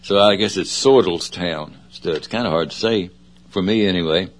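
A man's voice: low voice, fairly quick. A man with a Southern US accent hosting a radio show, talking in a casual, rambling way with many fillers and self-corrections. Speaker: radio host. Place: radio studio.

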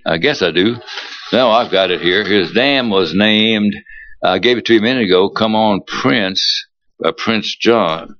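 Halting older man reading on air. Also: fairly low pitch, a bit bright, dull audio. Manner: rambling, halting, folksy. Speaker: radio host reading an article. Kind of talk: casual reading aloud on air.

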